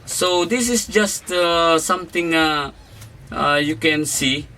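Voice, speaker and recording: Male teacher, bright tone, stop-start online lecture, faint hiss behind. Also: on the high side. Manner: halting, many fillers and restarts.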